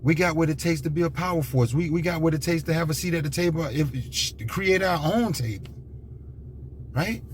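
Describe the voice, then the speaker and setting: A man's voice: on the high side, brisk, slight background noise. Rambling man with emphatic restarts. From United States. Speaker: commentator. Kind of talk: unscripted monologue.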